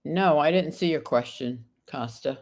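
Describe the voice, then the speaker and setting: A woman's voice: low voice, measured pace, a little mellow. A woman reading tarot cards on a live stream, reading viewers' questions aloud and answering them card by card while recovering from an illness. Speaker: tarot reader.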